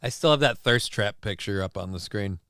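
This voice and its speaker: A man's voice: on the low side, fairly quick, dry recording, clean studio sound. Jokey male livestream host riffing. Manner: jokey, riffs loudly on viewer comments, rambling. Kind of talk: casual chat reading live chat.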